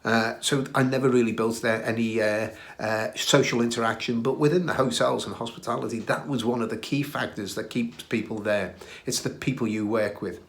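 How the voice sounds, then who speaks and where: A man's voice: medium pitch, fairly even intonation, a little fast, a bit bright. A middle-aged man with a British accent hosting his own show, telling stories from his career in a chatty, self-deprecating way with plenty of "uh"s and restarts. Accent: British English. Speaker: podcast host recounting his career. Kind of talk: casual storytelling.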